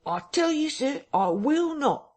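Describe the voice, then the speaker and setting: A man doing a strained, high-pitched flustered vicar. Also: sing-song, unhurried, heavily acted. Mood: agitated. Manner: high, strained, jerky protests. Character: flustered middle-aged male vicar.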